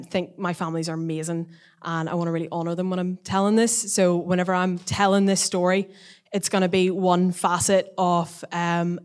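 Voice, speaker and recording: A young adult woman giving a casual spoken testimony as a guest, a lively storyteller who talks at length. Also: lowish voice.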